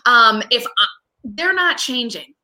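A woman in her thirties, a real estate agent and mother, chatting as a guest in an animated, talkative way with many fillers and restarts. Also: a little high, slow. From United States. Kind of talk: casual interview chat.

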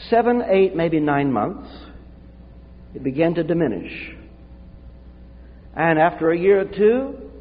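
A man preaching a sermon from the pulpit, earnest and confessional, with dramatic pauses. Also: sits high. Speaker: pastor. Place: church sanctuary. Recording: tinny, echoey hall recording.

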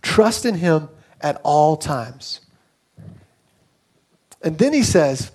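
A young man with a fairly high voice delivers a sermon. He keeps it conversational and animated, slipping into quoted voices as he tells the story. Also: drawn-out words, pauses often, husky. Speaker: pastor.

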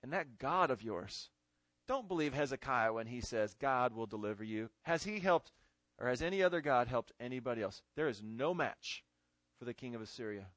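A man voicing a boastful enemy envoy who mocks and tempts a besieged city, speaking lower and more quietly than his own voice. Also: animated, normal speed, no echo, close to an everyday voice. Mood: taunting.

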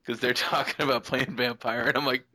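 A man's voice: mid-range voice, steady tone, fairly quick, bright, forceful tone, dry recording. A man co-hosting a casual podcast chat about comics, joking and laughing often. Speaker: podcast co-host.

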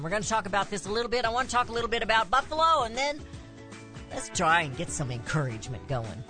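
A woman's voice: sing-song, fast, over music. A woman hosting a political talk radio show, delivering an emphatic monologue whose voice climbs on the points she stresses. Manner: emphatic, rising pitch on key points, with asides.

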